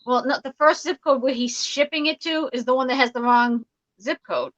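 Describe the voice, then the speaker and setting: A woman's voice: high-pitched, moderate pace, a bit bright, dry recording. A woman chatting on a video call, explaining a problem step by step with mild exasperation. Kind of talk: casual chat. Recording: dull lo-fi dry sound.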